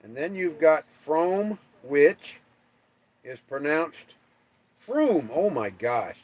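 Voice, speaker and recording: A man's voice: a little high, expressive, takes it slowly. A man from the United States hosting a livestream, reading viewer comments and joking about English place names in playful trash talk. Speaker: livestream host.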